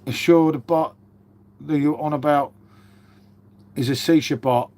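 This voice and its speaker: On a casual live stream, a man in his fifties with a voice a touch high for a man wanders from story to story, swearing freely and adding "mate" to almost every sentence. He speaks a little slowly, with fairly even intonation and a darkish tone.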